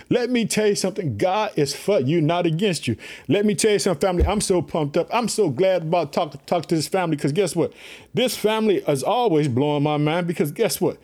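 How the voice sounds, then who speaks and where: A fervent man with a slightly raised voice preaches a podcast sermon. He comes from Illinois and speaks with the driving repetition of a pastor who keeps calling out to his listeners. His delivery stays energetic and insistent throughout. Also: fairly high pitch, fairly quick. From Illinois, USA.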